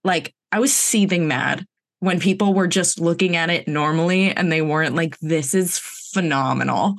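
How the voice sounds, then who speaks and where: Animated woman telling a story. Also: fairly low pitch, moderate pace. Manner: animated storyteller who acts out quoted dialogue; frequent fillers like "like" and "um". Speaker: podcast co-host. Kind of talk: casual chat, storytelling.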